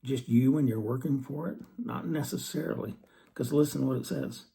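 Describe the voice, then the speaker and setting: A man giving an earnest scripture study talk, reading verses slowly and then explaining them. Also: mid-range voice, gravelly, mellow. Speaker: religious teacher.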